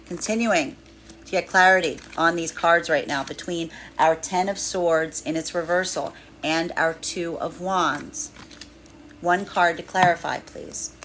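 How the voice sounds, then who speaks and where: A woman's voice: lowish voice, steady tone, measured pace, a bit bright, slight background noise. A woman giving a flowing, spiritual tarot card reading, repeating phrases as she talks through the cards. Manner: flowing, spiritual, repeats phrases while acting out inner voices. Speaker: tarot reader.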